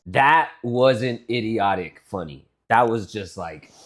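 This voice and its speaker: A man's voice: lowish voice, expressive, takes it slowly, fairly bright tone. A young man co-hosting a podcast with his sister, teasing her bluntly and swearing in casual chat. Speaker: podcast co-host.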